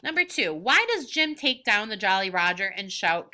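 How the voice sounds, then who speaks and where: A woman teacher guides her students through reading questions one at a time, patient and clear. Her voice is very bright. She sounds like she is giving a recorded lesson from home. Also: mid-range voice, sing-song, moderate pace.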